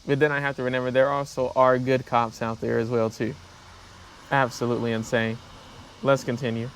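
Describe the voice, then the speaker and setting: A man's voice: mid-range voice, level tone, fairly quick, a little hiss or hum. A man hosting a reaction show, summing up events plainly and reacting with disbelief in casual commentary.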